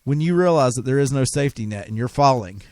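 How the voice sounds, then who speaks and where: A man's voice: mid-range voice, lively intonation, quick pace, darkish tone, no echo. A man hosting a talk radio show, delivering an impassioned, emphatic monologue with frequent restarts. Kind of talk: conspiracy talk radio rant.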